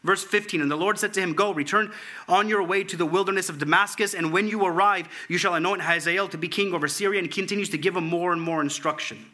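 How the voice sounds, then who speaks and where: A man preaching a sermon, reading scripture aloud in an animated way, at times dropping to a hushed tone. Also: high voice, fast talker. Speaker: pastor.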